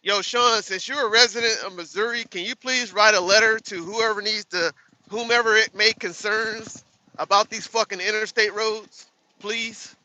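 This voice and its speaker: A man's voice: high-pitched, fairly even intonation, normal speed, sharp tone, muffled recording. A man driving a truck and live streaming, ranting and swearing in a casual, exasperated way from inside his cab. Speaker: truck driver livestreamer. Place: truck cab on a bumpy road. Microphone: phone.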